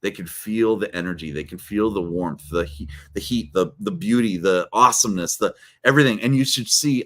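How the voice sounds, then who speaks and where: Male guest, lively rising and falling pitch, excited storyteller who restarts phrases a lot. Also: fairly quick. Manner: animated storyteller, repeats words, swings loud and soft. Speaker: guest speaker. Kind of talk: casual interview chat.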